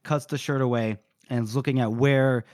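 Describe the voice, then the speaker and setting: A male podcast co-host retells a book chapter in casual, lively chat. He gets excited and rushes his narration whenever a fight comes up. The close mic sounds dry, with no room echo. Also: mid-range voice. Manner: excitable, narrates battles fast and acts out characters' lines.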